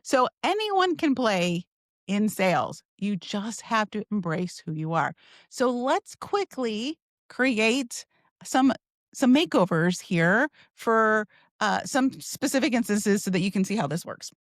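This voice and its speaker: A woman sales coach teaching in an upbeat, expressive way and acting out example lines. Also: mid-range voice, takes it slowly, no echo, studio quality. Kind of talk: teaching monologue.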